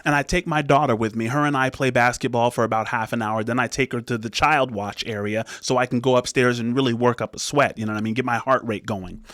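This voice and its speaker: Man, reaction channel host, laid-back chat, keeps asking "right?", middle pitch, dead dry sound. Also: steady tone, fast, few pauses, a bit bright, no echo. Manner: conversational, often checks in with "right?". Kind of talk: casual chat to viewers.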